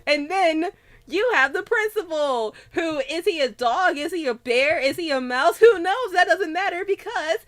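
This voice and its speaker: A woman chatting casually as a host, excitable, swearing freely and laughing often. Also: very high-pitched, measured pace. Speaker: podcast host. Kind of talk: casual chat.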